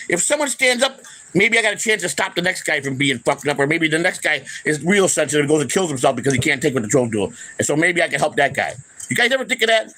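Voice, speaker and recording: A man's voice: high voice, a bit bright, poor audio. An older man, the host of his own channel, ranting heatedly to camera with lots of swearing and repeated restarts. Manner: heated, profane, confrontational; repeats himself, trails off into restarts. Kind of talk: unscripted angry rant to camera.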